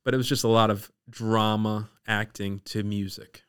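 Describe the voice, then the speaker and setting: Sharing his testimony as a guest, a man from Maryland's Eastern Shore recounts a personal story at a moderate pace. His voice is low and smooth, and he's animated, playing the various people he describes.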